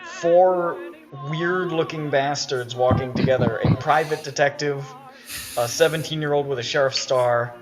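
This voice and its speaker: A man's voice: on the high side, unhurried, over music, poor audio. Joking man running a tabletop game. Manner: loose, joking, with swearing. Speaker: game master. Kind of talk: narrating a tabletop horror game.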